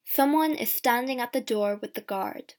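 A woman narrating a first-person storybook slowly and clearly. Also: a little high, a little mellow. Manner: slow, clear and deliberate. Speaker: audiobook narrator.

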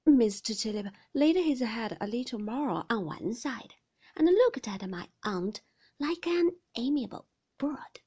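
A woman narrating a classic novel as an audiobook, in a hushed delivery that often drops to a breathy whisper. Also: a little high, expressive, a little slow. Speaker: audiobook reader.

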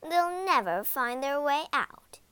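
A woman's voice: high-pitched, expressive, slow pace, pushed and bright, no room sound, full character voice. A woman voicing a harsh, bossy stepmother in a read-aloud storybook, snapping her lines.

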